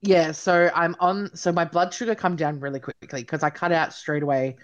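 Frank low-voiced woman guest. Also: steady tone, normal speed. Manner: frank, blunt, swears casually. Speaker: podcast guest. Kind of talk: candid casual conversation.

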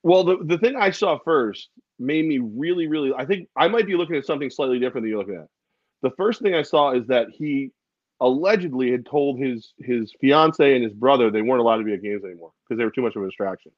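A man's voice: mid-range voice, quick pace, dry recording. Guy cohosting a sports podcast, laughy storyteller, muffled dry mic. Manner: animated storyteller, laughs a lot. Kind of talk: casual sports chat.

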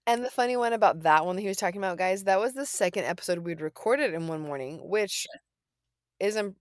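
A woman co-hosting a podcast in casual chat, talkative and wry, with a slightly raspy voice. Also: medium pitch, lively intonation, fast talker, dry recording, clean studio sound. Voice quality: a little raspy. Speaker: podcast co-host.

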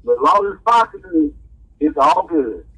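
A man's voice: fairly high pitch, big pitch swings, moderate pace, rough recording. Man chiming in over crowd noise. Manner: short agreeing interjections, repeating catchphrases. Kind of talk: casual chat.

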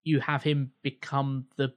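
A man's voice: medium pitch, flat delivery, unhurried. A man co-hosting a film podcast, explaining his points in a thoughtful, casual way. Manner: thoughtful, explanatory, chuckles often. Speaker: podcast co-host.

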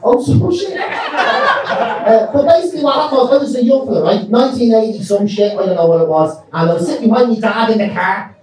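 A man's voice: sits high, brisk. A man, a podcast co-host telling a childhood story, rambling, swearing and laughing. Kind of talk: casual storytelling chat. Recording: echoey room, distant mic, crowd behind.

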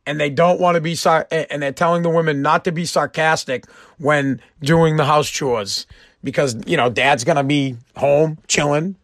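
A man's voice: fairly high pitch, normal speed, fairly bright tone, dry recording, clean studio sound. A man from Massachusetts hosting a live-streamed show, ranting in a blunt, joking way and swearing freely. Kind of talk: casual rant.

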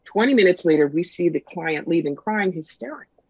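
A middle-aged woman, a guest psychic and author, telling stories in a brisk, wry, punchy way in a casual interview. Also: on the low side, animated, darkish tone, slightly rough, no echo. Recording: dull lo-fi sound, dry.

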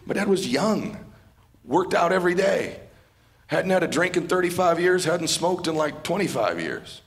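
A middle-aged man giving an emotional stage speech as a motivational speaker, casual and slangy, dropping to a hushed voice in tender moments. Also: high-pitched, sing-song, moderate pace. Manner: casual and slangy, calling people dude and man. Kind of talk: emotional speech to a live audience. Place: stage at a live event.

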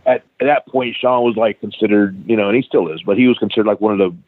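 A man's voice: on the low side, quick pace, dry recording. A middle-aged man, a guest on an interview show, telling a story in a casual, profane way and acting out the quoted dialogue. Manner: profane, animated anecdote with acted-out quoted dialogue. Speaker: guest, wrestling trainer. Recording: tinny phone-like line.

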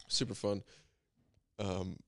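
A man's voice: on the low side, gravelly, no echo, clean studio sound. A young man telling a story in a loose, laid-back way on a podcast, with lots of "like" and "you know". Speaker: podcast guest. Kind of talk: casual chat.

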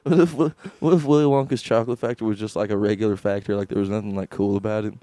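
A man's voice: lowish voice, fairly even intonation, rapid-fire, warm tone, no room sound. A man co-hosting a comedy podcast, riffing in casual, profane chat and breaking into giggles often. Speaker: podcast co-host.

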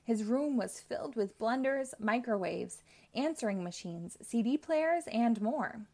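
A woman hosting a read-aloud show, narrating a children's chapter book in a clear, even way. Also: fairly high pitch, a little slow. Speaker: host.

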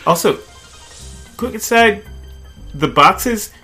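Chatty young man, bright voice. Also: high voice, slow pace, soft background music. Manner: chatty, animated asides. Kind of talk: casual chat about video games.

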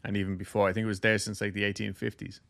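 A man's voice: on the low side, little pitch movement, racing, creaky, a bit bright. A man hosting a podcast, casually telling a ghost story with lots of jokes and filler words. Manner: loose, jokey, heavy use of "like".

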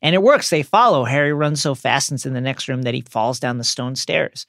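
A man co-hosting a podcast, recapping a novel's chapters in an animated retelling with the odd swear word. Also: mid-range voice, fairly quick, vocal fry, dry recording, studio quality. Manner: animated retelling, mixes profanity into plot summary. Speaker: podcast co-host.

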